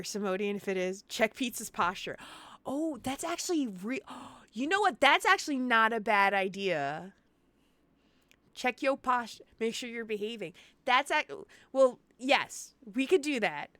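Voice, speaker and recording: A woman in her forties chatting casually on a game stream, telling stories in an animated, playful, self-mocking way. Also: a little high, no room sound. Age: 40s.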